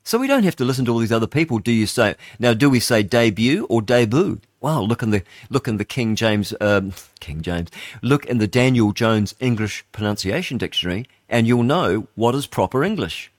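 This older New Zealander hosts talk radio in a medium-pitched, lively voice, speaking a little fast. The dry, clean studio recording captures a rambling, chatty monologue full of fillers and restarts.

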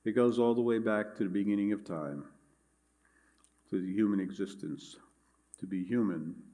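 Low-voiced man preaching a sermon. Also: warm tone. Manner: measured, earnest preaching with scripture reading. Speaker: pastor.

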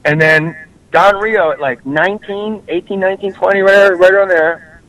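Animated high-voiced man telling stories. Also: normal speed, no room sound, poor audio. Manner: animated, acts out quoted voices, profane. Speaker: podcast host. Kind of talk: casual chat, storytelling.

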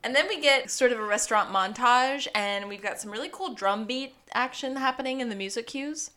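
A woman co-host talks through a TV episode in casual, animated chat. Her voice is bright, forceful and sits a bit high. She laughs often and slips into quick acted quotes. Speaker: podcast co-host.

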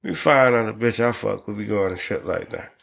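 A man, hosting a podcast in profane, rambling casual chat that breaks into loud excited laughter. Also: lowish voice, brisk, creaky. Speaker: podcast host.

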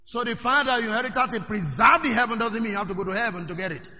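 A male preacher delivers a sermon in a high, very bright, ringing voice, with a long church-hall reverb. He speaks rapid-fire, repeatedly asking his congregation questions and prompting them to answer.

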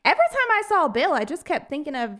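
A woman co-hosting a casual movie review chat, expressive and incredulous. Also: high voice, quick pace.

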